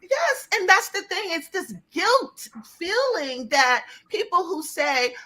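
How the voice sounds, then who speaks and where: A woman on a discussion panel, speaking deliberately and with emphasis, often pausing to find her words. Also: high voice, big pitch swings, a bit bright, poor audio.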